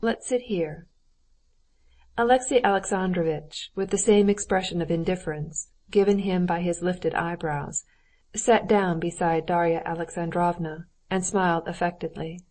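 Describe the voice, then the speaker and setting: Low-pitched woman reading an audiobook. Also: fairly even intonation, moderate pace, a little mellow. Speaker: audiobook narrator. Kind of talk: scripted narration.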